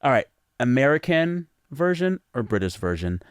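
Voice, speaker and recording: Animated podcast host man. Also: medium pitch, smooth, no room sound, studio quality. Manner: playful, quick, leading a game. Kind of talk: casual podcast conversation.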